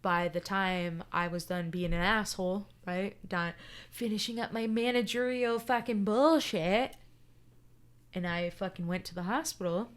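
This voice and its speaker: A woman's voice: medium pitch, a little slow, clear, resonant tone. A woman in casual podcast chat, telling a personal story bluntly, swearing often and checking in with "right?". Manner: emphatic and candid.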